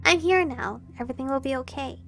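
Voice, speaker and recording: A woman voicing a calm, tender young man in a visual novel game, speaking softly and soothingly. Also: high voice, faint music behind. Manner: soft, soothing and slow.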